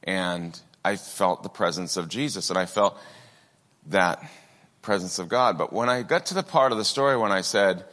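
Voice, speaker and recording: A man's voice: low-pitched, moderate pace, fairly bright tone, big-room sound. A man preaching a sermon in a conversational way, with many asides and fillers. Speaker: pastor.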